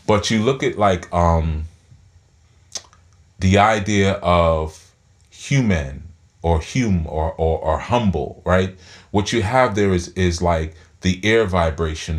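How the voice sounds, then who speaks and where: Man with a very low voice, spiritual teacher, talks through clenched teeth, rambling. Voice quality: speaks through his teeth. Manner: rambling, repeats words while thinking aloud.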